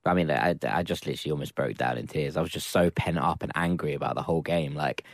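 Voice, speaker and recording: A man on a football podcast panel, telling animated stories and acting out what people said. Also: a bass voice, fast, dry recording. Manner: animated storyteller, laughing, acts out quotes. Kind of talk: casual football podcast chat.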